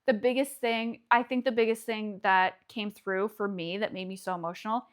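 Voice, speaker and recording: A woman telling a story in a casual chat, acting out what others said with lively quoted lines. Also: medium pitch, normal speed. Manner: animated storytelling, acts out quoted voices loudly; swears casually. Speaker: podcast guest.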